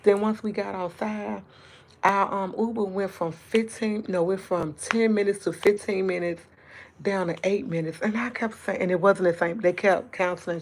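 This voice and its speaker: Animated woman telling a story, low voice. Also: brisk. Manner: animated, profane, rising to exasperated retellings. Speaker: livestream host. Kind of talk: casual storytelling on a livestream.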